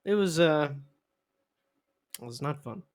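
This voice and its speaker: A man's voice: lively intonation, takes it slowly. Rambling young man telling a story. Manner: rambling, jokey, acts out quotes in a high squeaky voice. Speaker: podcast co-host. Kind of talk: casual storytelling chat.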